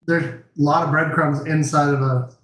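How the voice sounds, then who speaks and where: Man, cooking show host, jokey and chatty, a little high voice, echoey kitchen. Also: steady tone, moderate pace, a bit bright, a little hiss or hum. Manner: joking, chatty, wraps up with sign-off. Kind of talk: casual chat. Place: home kitchen.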